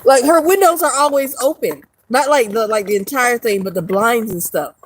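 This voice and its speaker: A woman's voice: fairly high pitch, slight background noise, low-quality recording. Profane, rambling woman vlogger. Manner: profane, rambling, laughs often. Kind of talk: casual rant to camera.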